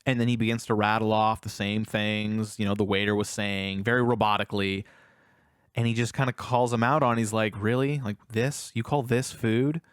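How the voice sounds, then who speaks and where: Animated man retelling a film. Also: on the low side, fairly quick, clear, resonant tone, no room sound, clean studio sound. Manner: animated retelling, acting out characters' lines. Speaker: podcast co-host. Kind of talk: casual film review chat.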